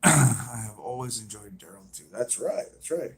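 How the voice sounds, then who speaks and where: A man's voice: mid-range voice, lively intonation, moderate pace, gravelly, husky. A man hosting a live stream, chatting casually and rambling as he retells scenes with lots of fillers.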